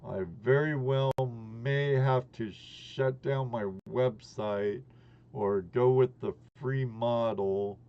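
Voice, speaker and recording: A man's voice: medium pitch, steady tone, slow pace, smooth, dull audio. A man in his sixties hosting a casual live stream, rambling in a chummy way and greeting his chat viewers by name. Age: 60s.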